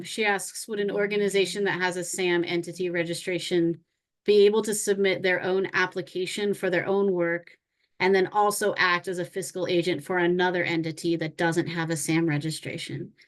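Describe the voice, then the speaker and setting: A woman co-presenter who reads out submitted questions and explains the answers clearly. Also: on the low side, fairly even intonation, moderate pace.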